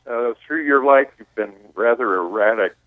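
A man's voice: medium pitch, moderate pace, no room sound. A man calling into a radio show, speaking hesitantly with many fillers over the phone. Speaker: caller. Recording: tinny phone line.

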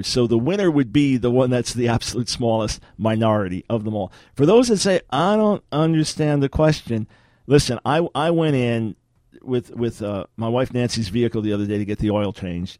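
A man's voice: on the low side, darkish tone, no echo. A man hosting a radio talk show, teaching in an emphatic, lecturing way with rhetorical questions, speaking from a radio studio.

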